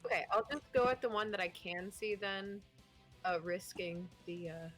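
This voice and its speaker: A woman's voice: mid-range voice, normal speed, a bit bright, soft background music. A woman playing a tabletop game, unsure and self-deprecating. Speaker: player.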